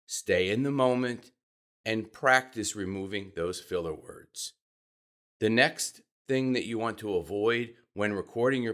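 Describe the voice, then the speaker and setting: A man giving podcast speaking tips to camera, expressive and demonstrating changes in pitch and pace as he explains. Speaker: podcast coach. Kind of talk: instructional talk to camera.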